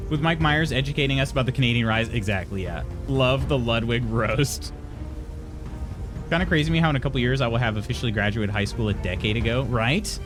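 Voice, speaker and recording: Chatty man with vocal fry. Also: mid-range voice, music in the background. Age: 30s. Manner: chatty, laughs often, halting restarts. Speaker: streamer reading chat. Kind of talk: casual live-stream chat.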